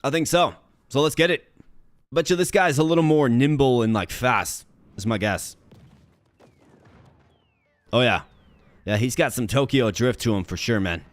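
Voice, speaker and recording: A man's voice: medium pitch, moderate pace, long pauses, no room sound, soft background music. A man from Minnesota, hosting a gaming channel, giving chatty, upbeat, slang-filled commentary while he plays. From Minnesota, USA. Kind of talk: casual gameplay commentary.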